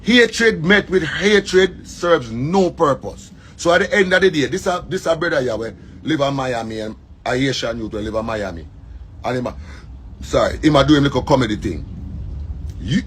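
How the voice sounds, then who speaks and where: A Jamaican-accented comedian delivers a casual monologue, emphatic and preachy, hammering his points by repeating them. His voice is medium-pitched, with a little hiss or hum in the background.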